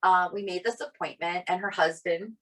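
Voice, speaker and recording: A woman's voice: on the low side, moderate pace. A woman co-hosting a podcast, telling a personal story in casual chat and acting out the people she quotes. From Italian family. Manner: animated storyteller, quoting others with many "like" fillers. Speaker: podcast co-host.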